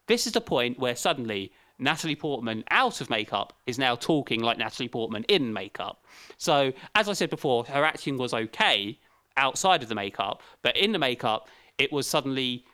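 A man co-hosting a casual comedic film review show, animated and mocking, from England. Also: mid-range voice, brisk. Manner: animated, mocking, does silly impressions. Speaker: podcast co-host.

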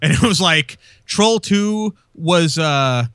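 Male co-host, loose and rambling, fairly high pitched, dry sound. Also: animated, takes it slowly, a bit bright, clear, resonant tone, no room sound. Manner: rambling, restarts often, swears casually. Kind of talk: casual chat.

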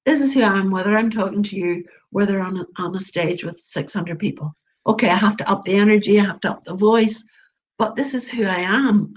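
An Irish woman being interviewed about storytelling, emphatic and sincere, circling back to repeat what she means. Her voice is husky and a little breathy. The audio is somewhat dull and lo-fi. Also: mid-range voice. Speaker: storyteller guest. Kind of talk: interview conversation.

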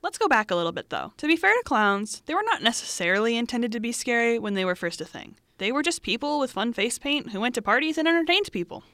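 A woman's voice: fairly high pitch, sing-song, quick pace, few pauses, sharp tone, no room sound, clean studio sound. A young woman hosting a student podcast, reading a script with wry asides to the listener. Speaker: student podcast host and reporter.

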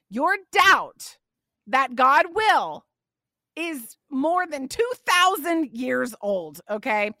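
A middle-aged woman hosts a faith podcast and preaches with emphatic passion, slipping into scripture readings. Her voice is bright and a little high, and it sits close and dry with no room sound around it. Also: dry recording. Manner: emphatic and passionate, getting on a soapbox. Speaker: podcast host.

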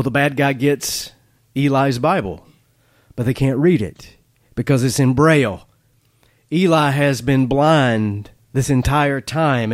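A man preaching a sermon as pastor, telling stories, asking the listener questions and pausing for effect. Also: mid-range voice, darkish tone, no echo, studio quality. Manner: storytelling with dramatic pauses and rhetorical questions. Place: church, filmed for online streaming. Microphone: camera setup.

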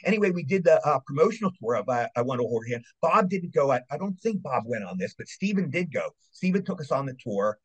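A man's voice: mid-range voice, very animated, fast talker, hardly any pauses, husky. An older man from Maryland, a guest actor, telling eager, rambling stories in a casual interview. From Maryland, USA. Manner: rambling, eager anecdotes with restarts.

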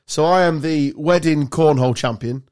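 A man's voice: on the high side, normal speed, darkish tone, no room sound, studio quality. A man co-hosting a podcast, telling loose, sweary, laughing stories in casual banter. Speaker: podcast co-host.

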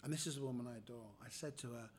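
Casting note: man, comedian guest on a podcast, animated storyteller, mid-range pitch, faint hiss in the background. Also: very fast. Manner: animated storyteller, acts out the people in his stories. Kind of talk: casual anecdotal storytelling.

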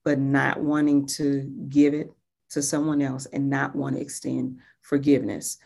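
A woman's voice: rumbling low, little pitch movement, unhurried, vocal fry. A woman co-hosting a faith talk, reading scripture and asking her co-host questions. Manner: reads scripture steadily, then asks questions, affirms with quiet mm-hmms. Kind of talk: Bible reading and casual faith chat.

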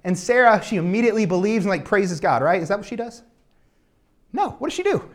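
A man preaching a sermon, retelling Bible stories in a casual, animated way and acting out the characters. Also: high voice, quick pace. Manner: animated storytelling, acts out biblical characters casually. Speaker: pastor.

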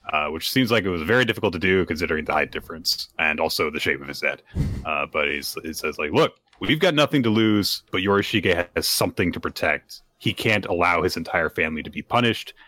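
Deep, bright-toned male podcast host. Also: no room sound. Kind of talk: casual chat, recapping comics.

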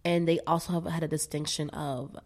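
A woman's voice: low voice, level tone, a little fast, a little mellow. A young woman raised in the US with a Barbadian family, chatting candidly as a guest, swearing freely and laughing often. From United States, Caribbean American family from Barbados. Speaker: podcast guest. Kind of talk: casual chat.

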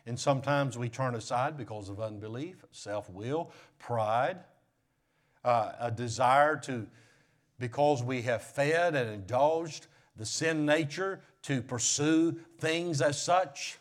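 A man preaching from the pulpit, his pitch sitting in an ordinary middle range. He moves between loud, pressing emphasis and soft, almost whispered passages. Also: slow. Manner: preaching with swings from loud raised emphasis to hushed near-whispers. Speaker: pastor. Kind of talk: sermon.

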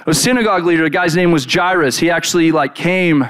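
Guy preaching, telling a bible story as if he was there, lively and casual, kinda high voice. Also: fast, smooth. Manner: animated, casual, full of "like" fillers. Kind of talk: first-person retelling of a Bible story.

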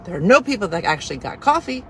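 A woman telling a comic story in an animated, exasperated way, with sarcastic asides. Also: mid-range voice, fast talker, slight background noise.

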